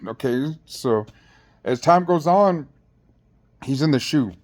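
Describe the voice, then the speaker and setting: A man's voice: a little high, animated, slow pace, a little mellow. A man who was once in jail tells a story casually, in slangy, rambling speech with blunt asides and frequent restarts. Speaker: former inmate telling a jail story.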